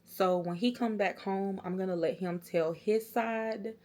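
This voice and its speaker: A woman's voice: medium pitch, steady tone, unhurried, mellow. A young woman, vlogging casually to camera about a hard experience, holding back tears with nervous laughs.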